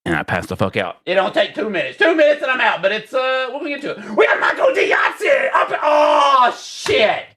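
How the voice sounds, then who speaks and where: A man hosting a livestream, reading chat aloud with profane, exasperated banter and sudden shouting, tired from lack of sleep. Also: very high-pitched, expressive, normal speed, few pauses. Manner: bursts into shouting. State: short on sleep.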